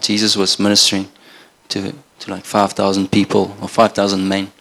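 A man's voice: lowish voice, completely flat delivery, fairly quick, creaky, bright, forceful tone. A middle-aged man from Namibia preaching a sermon in an earnest, conversational way. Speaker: pastor.

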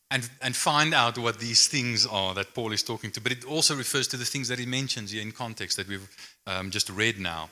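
A man's voice: medium pitch, normal speed, sharp tone. A man preaching a sermon in a conversational, emphatic way with light humor.

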